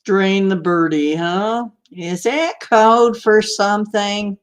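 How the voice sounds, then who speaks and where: A woman's voice: medium pitch, slow. A woman hosting a livestream in casual chat, playfully teasing and answering her viewers' comments. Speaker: livestream host.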